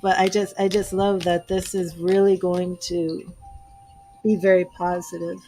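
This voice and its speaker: A woman's voice: fairly low pitch, flat delivery, unhurried, mellow, soft background music. A woman giving a live tarot reading, talking earnestly and gushing with emotion, a little teary-eyed. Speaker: tarot reader.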